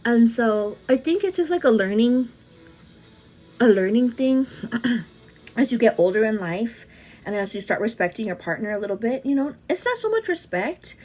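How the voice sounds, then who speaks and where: A woman's voice: a little high, big pitch swings, darkish tone. A woman in her thirties chatting casually with a livestream audience while doing her makeup, talking openly in a friendly, rambling way. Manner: chatty, says "girl" often, quick asides. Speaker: vlogger answering live chat.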